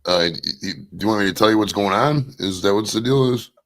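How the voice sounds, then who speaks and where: A laid-back man chats as a guest on a livestream call, cursing offhandedly. His voice is very deep and gravelly, and he talks quickly. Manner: laid-back, swears casually. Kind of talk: casual chat.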